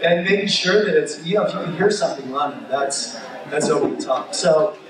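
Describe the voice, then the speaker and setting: A man's voice: on the high side, a little fast, crowd noise. A man speaking on a conference panel, hesitant and often repeating his words. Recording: echoey hall, distant mic, room noise.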